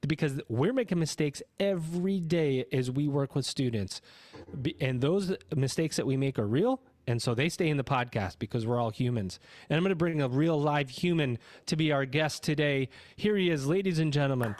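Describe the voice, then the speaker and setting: Speaking at normal speed in a slightly mellow voice on the high side, with no room sound, a podcast host opens and conducts a casual education podcast interview. He chats and rambles, frequently stopping to correct himself mid-sentence.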